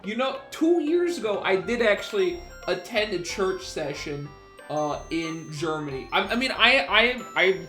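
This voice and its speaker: A young woman streams and chats with her friends in a loose, rambling way. She swears freely, laughs often and stumbles over restarts. Faint music plays behind her mid-pitched voice. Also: animated, unhurried, sharp tone. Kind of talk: casual chat with friends.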